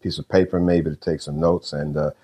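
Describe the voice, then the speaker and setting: A man who is a pastor, praying and preaching to listeners in a folksy, unhurried way, often pausing with "uh" and repeating phrases. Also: deep voice, flat delivery, dark tone, breathy edge. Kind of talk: sermon with prayer and storytelling.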